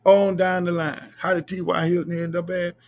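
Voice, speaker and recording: Gravelly, profane storytelling man. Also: sits high, flat delivery, moderate pace. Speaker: podcast host. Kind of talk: casual storytelling monologue.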